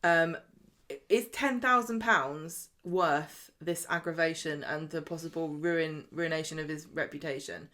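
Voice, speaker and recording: A woman co-hosting a casual chat, brisk and teasing with blunt asides. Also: sits low, a bit bright. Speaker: podcast co-host. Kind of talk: casual chat reviewing a soap.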